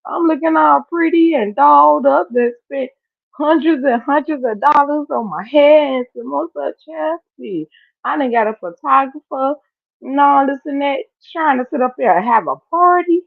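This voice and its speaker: A woman vlogger chatting casually as she reacts to clips, expressive and quick to laugh. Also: high voice, gravelly, no room sound. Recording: tinny, phone-like dry sound.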